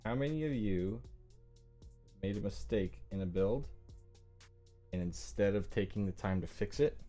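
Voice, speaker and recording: A man with a fairly low voice hosts a live build stream, talking casually to his viewers while he works. He cracks jokes and laughs at his own mistakes. Faint music plays behind him. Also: expressive, unhurried, warm tone. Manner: self-deprecating and joking, talks to chat while working. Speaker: livestream host.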